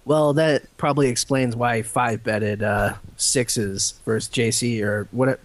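A man's voice: mid-range voice, steady tone, unhurried. A man co-hosting a casual chat, laid-back and casually swearing as he talks.

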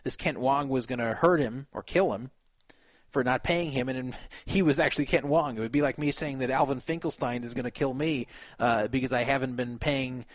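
A man's voice: medium pitch, normal speed, dry recording. A man hosting a talk show, reading a news story aloud and breaking in with wry, chuckling asides.

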